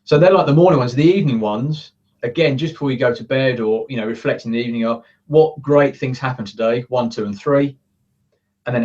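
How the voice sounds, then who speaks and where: A man's voice: mid-range voice, a little fast, darkish tone. Distant, muffled man coaching earnestly. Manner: earnest, acts out quoted thoughts. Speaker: guest, coach. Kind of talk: casual interview chat. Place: his office.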